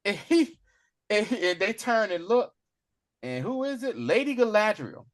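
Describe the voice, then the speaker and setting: Dude recapping an episode, super lively up and down voice, acts out all the lines. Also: male voice, high voice, normal speed. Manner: animated retelling, acts out the characters' lines in slangy talk. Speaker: podcast co-host recapping a TV episode. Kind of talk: casual chat.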